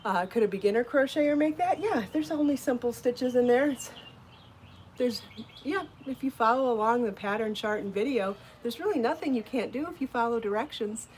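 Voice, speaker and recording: A woman's voice: fairly high pitch, animated, normal speed, a little mellow. Woman host, home live stream: chatty, upbeat, encouraging, laughs easily, faint hiss behind her. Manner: chatty, encouraging, laughs often, answers viewer comments. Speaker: podcast host and crochet designer. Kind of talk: casual live-stream chat.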